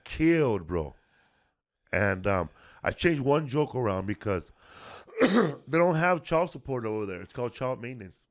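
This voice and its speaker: A man's voice: mid-range voice, sing-song, measured pace. A middle-aged man hosting a podcast, telling comedy-tour stories in a loose, profane, casual way. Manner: loose, profane, peppered with "bro". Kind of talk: casual storytelling chat.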